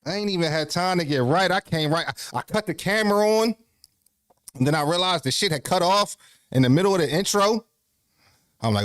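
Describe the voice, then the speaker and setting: A man's voice: fairly high pitch, expressive, brisk, a bit bright, no room sound, clean studio sound. A man hosting a casual livestream, out of breath, talking in a loose, profane, rambling way with lots of restarts. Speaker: livestream host.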